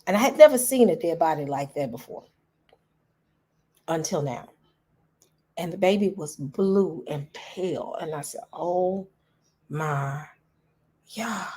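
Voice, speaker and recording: Middle-aged woman vlog host, lowish husky voice, casual, heartfelt, repeats key lines to her viewers. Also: lively intonation, takes it slowly, pauses often, mellow. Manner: repeats phrases for emphasis, talks straight to the audience. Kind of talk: emotional casual commentary to viewers.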